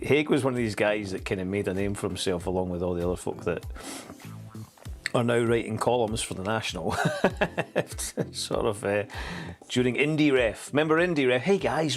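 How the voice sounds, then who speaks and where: A man hosting a podcast, rambling and sardonic, full of fillers and restarts. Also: on the low side. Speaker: podcast host. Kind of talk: casual commentary.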